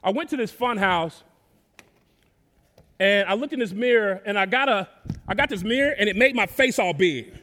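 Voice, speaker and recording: A man from Dallas, preaching a sermon in a relaxed, conversational way, with casual slang and sudden rises in volume. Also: high-pitched, normal speed, pauses often. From Dallas, Texas. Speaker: pastor. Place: church sanctuary. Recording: long reverb of a large hall.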